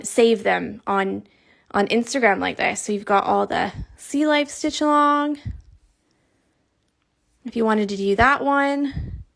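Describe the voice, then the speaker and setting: A woman hosting a stitch-along video, chatting casually and encouragingly with lots of fillers and muttered asides. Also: on the high side. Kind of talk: casual chat while showing her screen.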